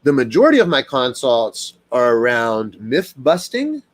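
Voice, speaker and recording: A man's voice: huge pitch swings, a little slow. A man, a dog trainer, talking casually in a rambling monologue full of fillers and acted-out quotes. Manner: rambling, lots of fillers, acts out quoted people in higher voice.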